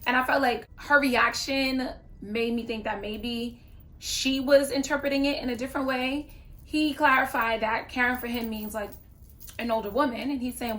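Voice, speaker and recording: A woman's voice: sits high, normal speed, fairly bright tone. A woman talking to camera in a casual reaction vlog, chatty and opinionated, with playful asides. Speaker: YouTuber reviewing a reality show.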